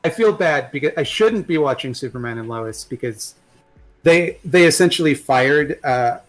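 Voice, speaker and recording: A man's voice: fairly high pitch, expressive, normal speed, soft background music, rough recording. Rambling, profane man in casual chat. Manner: rambling, profane, many restarts and fillers. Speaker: guest.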